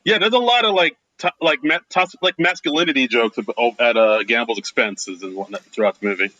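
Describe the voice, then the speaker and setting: A man co-hosting a podcast, recapping movie plot in a relaxed, loose way with many fillers. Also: mid-range voice, brisk, dry recording, highs cut off. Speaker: podcast co-host. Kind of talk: casual movie discussion.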